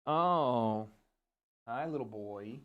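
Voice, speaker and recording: A man's voice: mid-range voice, lively intonation, drawn-out words, lo-fi sound. A man hosting a casual livestream watch party, joking and swearing as he chats into a dynamic mic. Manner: joking, profane, chatty. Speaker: livestream host. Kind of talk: casual live commentary.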